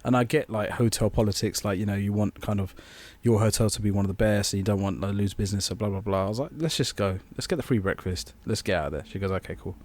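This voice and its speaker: A man's voice: on the low side, fast, hardly any pauses, darkish tone. A young man co-hosting a podcast, rambling through an anecdote and acting out quoted voices. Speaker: podcast co-host. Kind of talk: casual storytelling chat.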